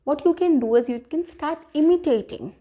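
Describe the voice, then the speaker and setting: A woman gives a spoken lesson in a high voice. She explains patiently, repeating her points and checking in with "right?" as she goes. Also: moderate pace, warm tone. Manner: explains with repetition, keeps asking "right?". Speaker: English teacher.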